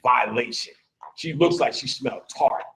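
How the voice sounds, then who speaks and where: A man giving a casual, profane live lecture, blunt and swaggering, breaking into laughs and shouts as he gets worked up. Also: medium pitch, moderate pace, gravelly.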